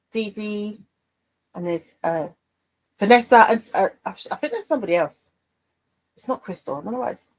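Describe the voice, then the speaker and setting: A woman's voice: a little high, rough recording. A middle-aged woman hosting a craft livestream, chatting casually and reading out viewer comments with a playful manner. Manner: chatty and playful, warm with viewers, trails off and laughs.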